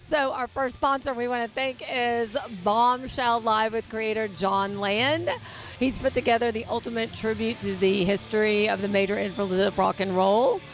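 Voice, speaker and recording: A woman's voice: on the high side, fairly even intonation, moderate pace, faint music behind, low-quality recording. A woman co-hosting live TV, reading sponsor thanks in a chatty, flustered way. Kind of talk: live TV presenting.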